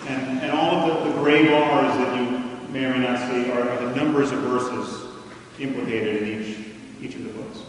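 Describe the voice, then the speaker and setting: A man delivers a measured, argumentative lecture, his mid-range voice carrying through a large hall. The sound is roomy and distant, with a long reverb trailing each phrase. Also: medium pitch, steady tone, slight background noise. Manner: measured and argumentative, with frequent restarts. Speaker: public speaker. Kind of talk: lecture to an audience. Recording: echoey hall recorded from far off.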